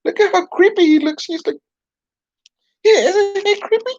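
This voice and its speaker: A man's voice: very high-pitched, moderate pace, a little mellow, voice pushed up. A man voicing a whiny, melodramatic young girl puppet who wails and complains, on a dull, dry lo-fi recording. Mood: distressed.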